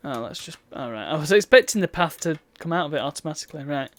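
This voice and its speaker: A woman's voice: low voice, animated, quick pace. A woman chatting through a live game stream, with exasperated outbursts at the game. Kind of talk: live gameplay commentary.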